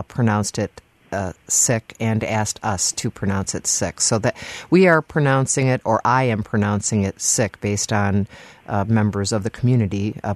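A woman hosting a public radio panel discussion from a studio, speaking in a measured way with frequent filler words. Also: rumbling low, a little mellow, no room sound. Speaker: radio talk show host. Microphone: studio microphone.

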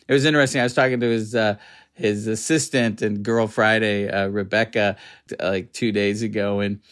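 Soft-spoken man, halting and reflective. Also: on the low side, fairly even intonation, smooth. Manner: halting, full of restarts and "you know". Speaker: comedian guest. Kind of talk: casual radio interview conversation.

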